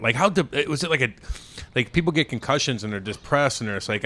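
A man co-hosting a podcast, boisterous and animated, jumping in with quick remarks and questions. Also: on the high side. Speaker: podcast co-host. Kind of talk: casual podcast chat.

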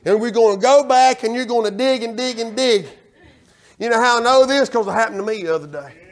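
A man preaching a sermon as pastor, telling folksy stories in a loud, animated way. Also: extremely high pitch, fairly quick.

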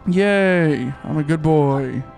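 A young man with a fairly high voice streams a game live, talking in a goofy, excitable ramble full of "like"s. Faint game music plays underneath his voice. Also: slow pace, creaky. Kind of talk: live gameplay commentary.

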